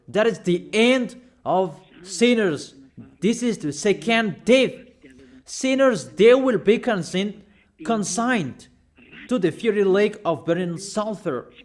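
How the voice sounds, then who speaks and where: Man, high-pitched, emphatic repetitive sermon. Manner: emphatic, repetitive preaching, reads out verses. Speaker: preacher.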